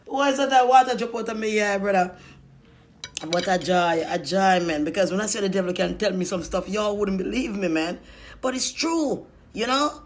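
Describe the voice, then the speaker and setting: A woman giving an emotional spiritual testimony in a vlog, talking emphatically, laughing often and breaking into sudden shouted prayers. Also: mid-range voice, moderate pace. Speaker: vlogger.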